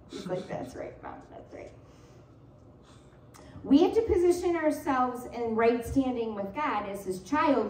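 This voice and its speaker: A middle-aged woman pastor delivering a sermon, her slightly high voice leaping up and down as she tells playful stories. She is recorded from some distance in a roomy, echoing church. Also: a little hiss or hum. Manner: animated, playful storytelling with laughter. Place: church sanctuary.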